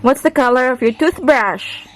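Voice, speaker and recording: A woman's voice: sits high, moderate pace, a little hiss or hum. A woman in her thirties with a Filipino accent, chatting and coaxing her baby in a casual family vlog. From Philippines. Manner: coaxing sing-song mother talk mixing English and Filipino. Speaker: family vlogger.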